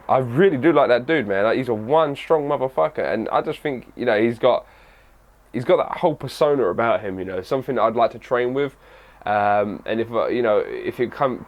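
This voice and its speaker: A young man with a fitness channel, rambling and joking through a casual question-and-answer vlog. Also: on the low side. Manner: rambling, jokey, says "brother" and "man" a lot. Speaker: fitness YouTuber.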